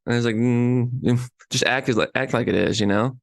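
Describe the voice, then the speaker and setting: A young man co-hosting a podcast, chatting casually in a relaxed, halting way. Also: medium pitch, gravelly, no room sound, studio quality. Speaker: podcast co-host. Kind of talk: casual chat.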